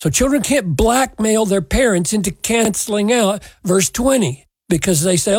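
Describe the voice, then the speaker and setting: Male preacher, husky voice, measured and emphatic sermon delivery. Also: high-pitched, a little mellow, dry recording, poor audio. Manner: measured, emphatic scripture exposition. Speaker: pastor.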